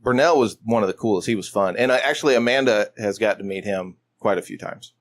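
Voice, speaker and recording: A middle-aged man hosting a podcast, telling drawn-out, profane anecdotes in casual chat. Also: on the low side.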